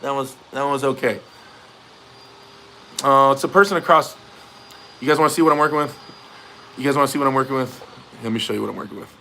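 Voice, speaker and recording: A man's voice: medium pitch, quick pace, long pauses, bright, forceful tone, slight background noise. A man hosting a casual livestream from his garage, joking and reading out viewer messages. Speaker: livestream host. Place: home garage.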